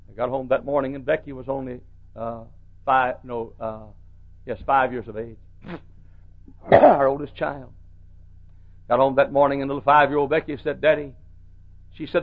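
A middle-aged male pastor preaching a sermon, swinging from soft storytelling to loud shouted calls. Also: on the high side, fairly even intonation, fairly quick, highs cut off.

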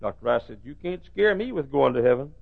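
A man preaches from the pulpit, his voice gravelly and rough at the edges. He tells stories softly, then rises into high, shouted cries. The recording is dull and muffled, like an old sermon tape. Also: big pitch swings, a little fast. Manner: swings from soft storytelling to high shouted cries. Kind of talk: revival sermon.

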